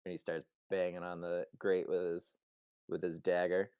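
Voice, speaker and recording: A man's voice: deep voice, flat delivery, normal speed, darkish tone, clear, resonant tone, no echo. A man narrating as game master of a tabletop game, in a hesitant way with many fillers.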